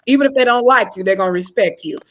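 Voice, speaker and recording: A woman's voice: on the high side, quick pace, slight background noise, low-quality recording. A woman from Fort Worth, talking bluntly and straightforwardly as a guest on a live online interview. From Fort Worth, Texas. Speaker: guest, show founder.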